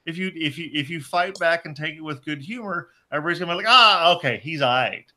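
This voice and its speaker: A man co-hosting a casual podcast, telling stories loudly with lots of swearing and laughter. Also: a little high, rapid-fire. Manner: loud, profane, laughing storyteller. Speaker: podcast co-host. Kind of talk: casual crude podcast banter.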